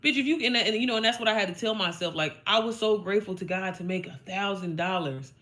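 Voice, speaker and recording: A woman's voice: mid-range voice, fast talker, a bit bright. A young woman from Indiana giving a blunt, profane, emphatic motivational talk to her followers, chatty and full of fillers. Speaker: online business coach.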